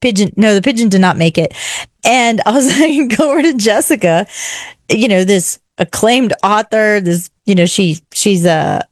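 Excitable woman telling a story, dry sound. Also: mid-range voice, no room sound. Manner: fast, excitable storytelling with many "like"s and restarts. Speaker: podcast host and radio regular. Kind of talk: animated storytelling in casual chat.

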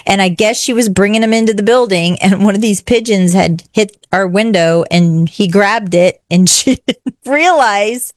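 A woman who hosts a podcast, telling a story on a radio chat show in a fast, excitable way. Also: mid-range voice, no room sound, studio quality. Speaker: podcast host and radio regular. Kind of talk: animated storytelling in casual chat.

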